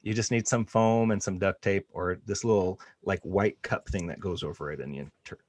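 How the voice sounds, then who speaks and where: A man's voice: low voice, normal speed, a little mellow, dry recording. Upbeat man hosting a school podcast. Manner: upbeat, joking, talks to students. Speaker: school counselor, podcast host. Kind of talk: casual podcast chat.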